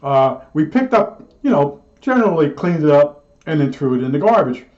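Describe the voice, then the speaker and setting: A man's voice: a little high, big pitch swings, normal speed, a little mellow. Older guy rambling thru an old work story, lots of restarts, kinda muffled lo-fi sound. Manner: chatty, digressive, many restarts and asides. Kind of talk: rambling personal anecdote.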